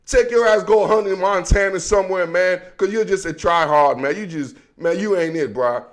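A man's voice: high-pitched, moderate pace. A man giving a casual, emphatic sports rant, full of slang and repetition. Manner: emphatic, repetitive, slangy, calls listener bro. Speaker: sports commentator.

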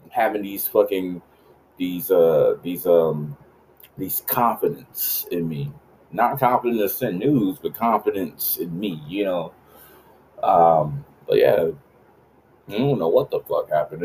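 A man's voice: low-pitched, dark tone, a little hiss or hum, rough recording. A man in his late thirties hosting a podcast, rambling casually and swearing freely. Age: late 30s. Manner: rambling, profane, laid-back. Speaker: podcast host.

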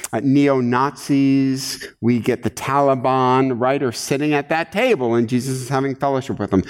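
A middle-aged male pastor preaching a sermon, acting out voices as he teaches. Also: fairly high pitch. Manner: animated, acts out muttering voices. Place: church sanctuary. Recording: reverberant hall.

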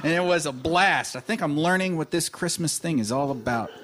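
A man's voice: on the high side, brisk, a bit bright. A man hosting a live radio comedy show, playing a grumpy holiday skeptic with blustery comic energy. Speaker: host. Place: stage before a live audience.

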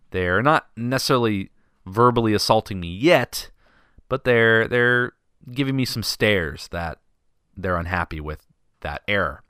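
A man hosting a podcast, telling a story in a casual, animated, self-deprecating way. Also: deep voice, dry recording, clean studio sound. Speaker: podcast host.

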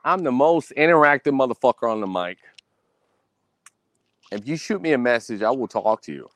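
A man's voice: animated, moderate pace, a bit bright, no echo. Cursing, boastful man on a podcast. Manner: angry, boastful, heavy cursing, repeats himself; mimics others in a high voice. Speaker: podcast host. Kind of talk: profane solo podcast rant.

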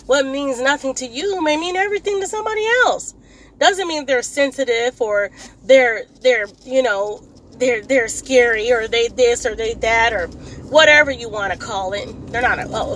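High-voiced woman venting in a car. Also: a bit bright, low-quality recording. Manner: blunt, repetitive, emphatic, rambling. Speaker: podcast host. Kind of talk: candid venting monologue. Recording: road noise from a car.

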